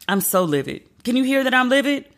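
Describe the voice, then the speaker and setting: Podcaster in their 30s going off, cussing, really bright voice. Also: high-pitched. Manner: animated, profane, venting rant. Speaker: podcast host. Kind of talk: casual solo podcast monologue.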